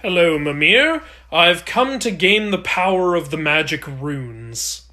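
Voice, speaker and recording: A man's voice: on the high side, slow, pitched below the performer's own voice, heavily acted. A man playing a power-hungry, insecure male king of the gods who yelps, in a comedy sketch. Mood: calm. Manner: calm, then yelping.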